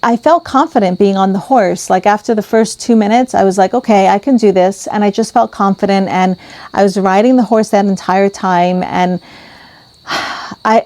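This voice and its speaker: A woman's voice: mid-range voice, fairly even intonation, moderate pace, darkish tone, dry recording. A woman vlogging casually to camera about her weight loss as a mother, candid and full of ums and restarts.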